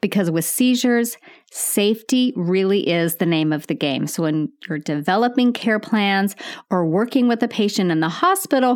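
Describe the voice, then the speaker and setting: Calm, slow-talking woman nurse host. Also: mid-range voice. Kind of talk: calm educational podcast talk.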